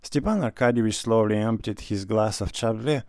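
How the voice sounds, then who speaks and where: A man narrating a classic novel in a measured, even reading. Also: lowish voice, no echo, studio quality. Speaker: audiobook narrator.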